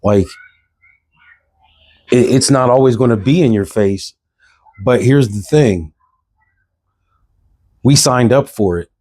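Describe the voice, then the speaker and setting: A man's voice: mid-range voice, takes it slowly, long pauses, darkish tone, no room sound. A man speaking, giving a passionate spiritual monologue to camera that repeats phrases and fires off rhetorical questions. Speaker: vlogger.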